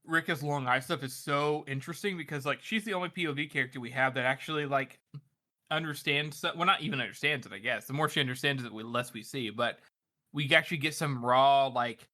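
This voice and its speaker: A man co-hosting a casual book podcast, eager and quick to agree with the others. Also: medium pitch, bright, forceful tone. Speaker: podcast co-host.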